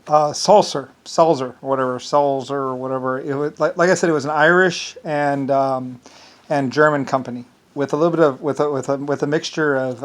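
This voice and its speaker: Middle-aged man with a mid-range voice, rambling hobbyist monologue, stop-start and wandering. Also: mid-range voice. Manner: halting, full of fillers and restarts, loose and wandering. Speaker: hobbyist talking about his ship stories.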